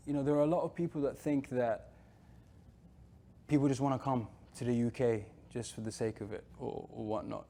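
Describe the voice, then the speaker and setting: A man's voice: mid-range voice, mellow, a little hiss or hum. A man talking casually in an interview, hesitant, with frequent fillers and restarts. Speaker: actor interviewee.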